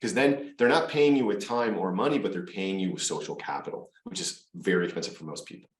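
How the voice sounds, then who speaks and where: Deep voice guy hosting a video call chat, keeps restarting his sentences, room's pretty echoey. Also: fairly quick. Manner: restarts phrases often, conversational. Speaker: host, venture partner. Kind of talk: casual interview talk. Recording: echoey room.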